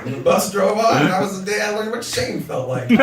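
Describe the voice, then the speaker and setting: A man doing a stand-up comedy set, animated and swearing, shouting his punchlines. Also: high-pitched, a little slow. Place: comedy club stage before a packed crowd. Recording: echoey club audio from far off. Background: audience laughter.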